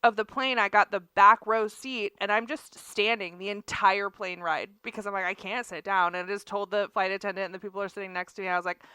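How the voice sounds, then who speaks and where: A woman's voice: mid-range voice, fairly quick, hardly any pauses, clean tone, no echo, clean studio sound. A woman co-hosting a podcast, telling a story in casual chat with lots of laughter. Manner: animated storyteller, laughs often. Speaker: podcast co-host.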